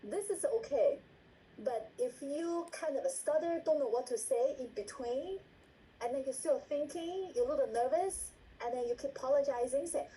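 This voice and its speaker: Trainer: woman, dark-toned and repetitive, acts out examples, video-call sound with faint hiss. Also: high voice, lively intonation, normal speed, poor audio. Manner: repeats words, asks "right?" often, acts out example lines. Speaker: meeting trainer. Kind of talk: instructional talk on a video call.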